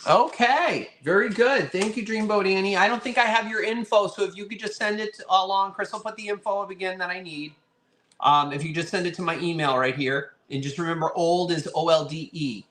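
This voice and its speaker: A man's voice: sits high, a little fast, a bit bright. A man hosting a live online vintage sale, chatting casually and thanking his viewers often. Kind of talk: casual live-stream chat.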